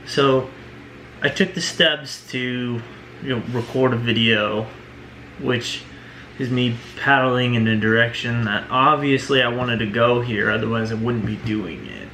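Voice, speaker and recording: A man's voice: medium pitch, measured pace, pushed and bright, slight background noise, poor audio. A man talking earnestly in a personal vlog, leaning on "you know" and "right?" as he reflects. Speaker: vlogger.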